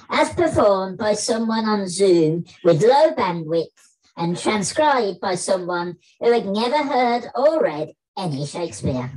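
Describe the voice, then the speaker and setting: A man putting on a high-pitched voice as a blustering, famous older actor in a comic spoken-word piece over a video call. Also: darkish tone, full character voice, low-quality recording. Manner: blustering, indignant comic monologue.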